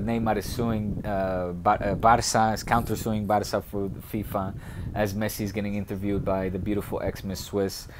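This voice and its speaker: A man's voice: fairly low pitch, noisy background. A man hosting a fan live stream, chatting casually and reading out viewer questions in a rambling, profane way. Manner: rambling, profane, banter with chat.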